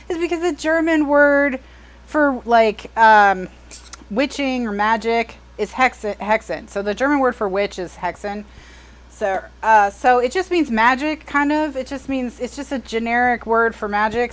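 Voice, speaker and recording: A woman's voice: on the high side, unhurried. An American woman hosting a live crafting stream, chatting casually and wryly, trailing off and restarting as she works. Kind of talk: casual chat while crafting.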